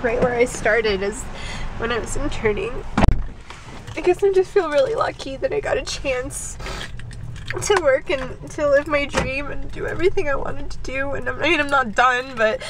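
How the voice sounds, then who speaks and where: A woman's voice: high voice, normal speed. A young woman from Florida chatting casually in a vlog, laughing often and getting emotional. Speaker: vlogger. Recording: noisy phone-camera audio.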